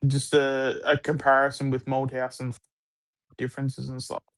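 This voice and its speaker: A man's voice: medium pitch, monotone, normal speed, a bit bright. An Australian man chatting casually about sport on a live stream, rambling with lots of restarts and the odd swear word.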